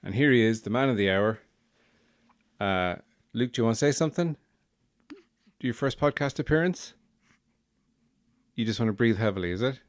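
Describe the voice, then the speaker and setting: A man's voice: lowish voice, quick pace, no echo. A man hosting a podcast as a new father, talking in a dry, self-deprecating and joking way in a casual monologue. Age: young adult or middle-aged new father. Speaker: podcast host.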